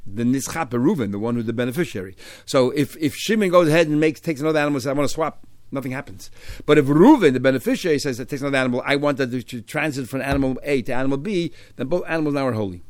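A man's voice: mid-range voice, very fast, no echo, clean studio sound. A man, teaching a Talmud class and explaining each step with Hebrew and Aramaic terms, lifting his voice on key phrases.

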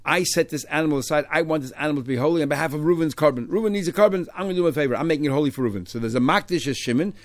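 A man's voice: on the high side, racing, few pauses, no room sound. Man, Talmud class teacher, step-by-step explaining, dry close sound. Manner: explains step by step with Hebrew and Aramaic terms, rising on key phrases.

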